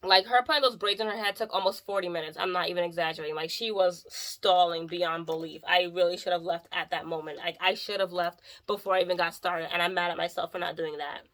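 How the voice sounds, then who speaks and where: A woman's voice: fairly low pitch, fairly even intonation, fast, hardly any pauses, a bit bright. A woman who works as a hairstylist, telling a client story in an exasperated, chatty way with lots of "like.". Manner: exasperated, chatty, heavy use of "like". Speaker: mobile hairstylist. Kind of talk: casual storytime vlog.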